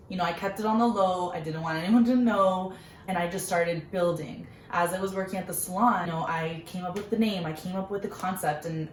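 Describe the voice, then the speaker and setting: A young woman with a lowish voice tells her own story in a chatty, earnest way, full of fillers. Her voice rings in a roomy space, with a faint hiss of noise behind it. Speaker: vlogger, small business owner. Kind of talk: casual personal storytelling.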